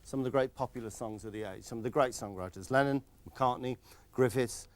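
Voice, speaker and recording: A man's voice: medium pitch, brisk, no room sound. A man narrating a comic documentary in a wry, sarcastic way, breaking in on interviewees.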